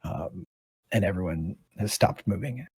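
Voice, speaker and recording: A man acting as dungeon master, narrating a tabletop game in a halting, relaxed way. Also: deep voice, a little hiss or hum.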